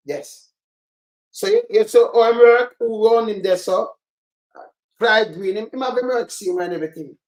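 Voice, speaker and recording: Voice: medium pitch, moderate pace, long pauses, a little mellow, echoey room, low-quality recording. A Jamaican speaker complaining indignantly to the camera, firing off questions.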